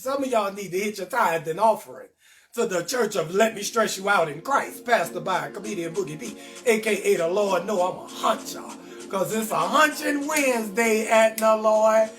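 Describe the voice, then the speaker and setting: Brash new guy hosting a comedy live stream, real high voice, faint music behind. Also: a bit bright, distant mic. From New Orleans. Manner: brash, rambling, slips into sing-song. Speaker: comedian host of a live call-in show.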